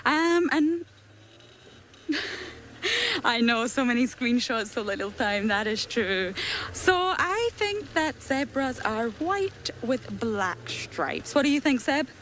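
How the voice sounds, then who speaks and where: A woman's voice: high voice, big pitch swings, takes it slowly, a bit bright, a little hiss or hum, low-quality recording. A woman safari guide giving chatty, self-deprecating live commentary from an open vehicle outdoors. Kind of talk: live commentary from a game drive.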